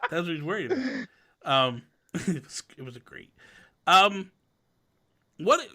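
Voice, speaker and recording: A man in his thirties hosts a casual podcast, telling stories with lively acted-out quotes. His voice is bright and a touch high. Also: unhurried. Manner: animated storyteller, acts out quotes. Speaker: podcast host. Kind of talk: casual chat.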